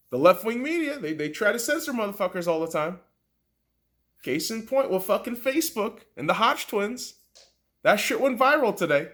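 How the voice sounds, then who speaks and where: A man hosting a podcast, delivering a heated, profane, mocking political rant that swings from loud outbursts to low muttering. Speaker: podcast host.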